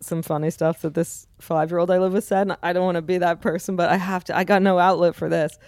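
A woman co-hosting a podcast, telling animated, funny anecdotes in casual chat. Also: fairly low pitch, quick pace, no echo. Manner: animated anecdote-teller, quoting a child. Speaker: podcast co-host.

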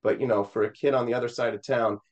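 A man's voice: medium pitch, fairly even intonation, quick pace, muffled recording. A man from Missouri, a political candidate, telling a personal story in an interview in an earnest, rambling way. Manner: earnest, many fillers and restarts.

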